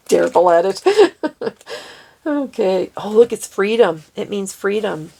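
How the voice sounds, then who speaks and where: A woman's voice: medium pitch, vocal fry, dark tone, slight background noise. A woman giving a casual oracle card reading, chatty and giddy, laughing often and reading card texts aloud. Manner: slow, careful over unfamiliar words.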